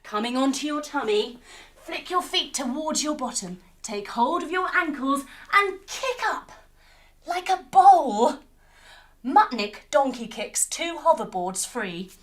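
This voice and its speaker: A woman teacher telling a children's story while leading a yoga lesson, animated and using sound effects. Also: high voice, a little slow.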